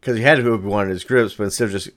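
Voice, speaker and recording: A man's voice: fairly low pitch, rapid-fire, fairly bright tone. A man in casual chat as a podcast co-host, rambling with lots of fillers. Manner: rambling, lots of ums and likes.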